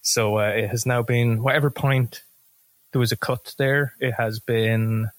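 A man's voice: medium pitch, fairly even intonation, unhurried, no room sound. Casual man, dry close sound. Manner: rambling, swears casually. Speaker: podcast co-host. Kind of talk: casual film podcast chat.

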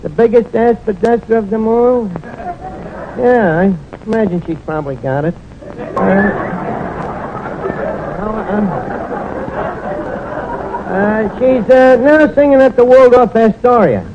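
A man's voice: sits high, slow pace, long pauses, crowd noise. A man playing a brash, wisecracking tavern manager in a 1940s radio sitcom, rambling with fillers and mangled words. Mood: fumbling, boastful. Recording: dull noisy 1940s radio transcription.

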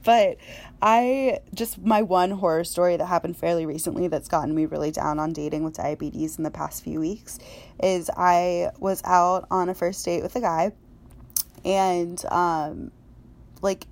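A young woman hosts a casual podcast chat. Her voice sits a little low, and she tells her stories in a lively, chatty way with frequent laughter. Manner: chatty, laughs often, animated storytelling. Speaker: podcast host.

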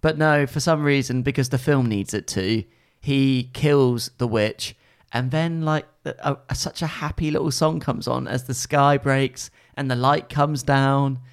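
A woman co-hosting a casual film review chat, animated and incredulous. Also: very deep voice, measured pace. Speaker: podcast co-host.

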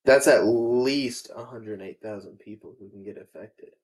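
A man's voice: lowish voice, a little slow, a little mellow. A man joining a podcast as guest co-host, chatting casually and making joking asides. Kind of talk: casual chat.

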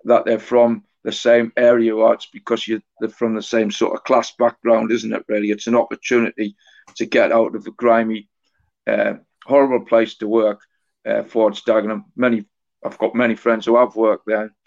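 A middle-aged man and author, a guest on a podcast interview, telling stories in a halting, anecdotal way. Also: lowish voice, level tone, gravelly, a little mellow. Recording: dull lo-fi podcast audio.

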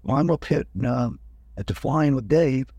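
An older man, a guest in an interview, telling rambling personal stories in a relaxed conversational way and often correcting himself mid-sentence. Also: medium pitch, normal speed, husky, dry recording. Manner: rambling, self-correcting anecdotes.

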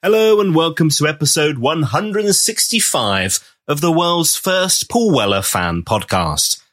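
A man's voice: a little high, big pitch swings, measured pace, a bit bright. A man hosting a podcast, giving the intro and interviewing in an enthusiastic, jokey way. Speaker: podcast host.

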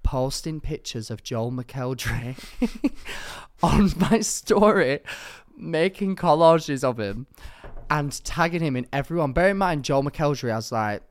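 Young male podcast co-host, smooth resonant voice, animated storyteller. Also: fairly high pitch, measured pace. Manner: animated, camp storytelling with rising impressions. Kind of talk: casual chat.

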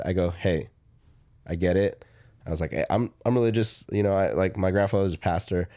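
A man co-hosting a podcast, telling a story in casual chat, animated, acting out dialogue with lots of fillers. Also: low voice, moderate pace, dry recording, clean studio sound. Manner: animated, acts out quoted dialogue, frequent fillers. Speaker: podcast co-host.

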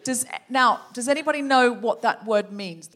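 A woman's voice: fairly high pitch, moderate pace, fairly bright tone. Chatty woman hosting a live comedy show. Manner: chatty, leading, story-setting. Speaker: podcast host. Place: theatre stage before a live audience.

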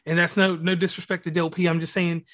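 Male podcast host, fairly high pitch, rambling slangy praise. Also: little pitch movement, fast talker, a bit bright. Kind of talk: casual interview talk.

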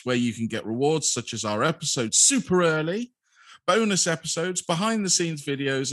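A man co-hosting a podcast with dry, deadpan humour in casual banter. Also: fairly high pitch, no echo. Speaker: podcast co-host.

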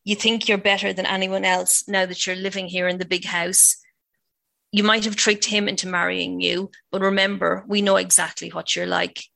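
A woman's voice: medium pitch, level tone, moderate pace, gravelly, bright, forceful tone. A woman reading the lines of a bitter, scornful older father in an audiobook-style reading. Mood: venomous. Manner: cold, contemptuous.

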